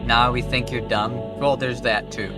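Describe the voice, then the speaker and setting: A man's voice: mid-range voice, steady tone, normal speed. Rambling, swearing young man streamer. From Minnesota. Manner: rambling, profane, loose. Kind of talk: casual chat while gaming. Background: loud music.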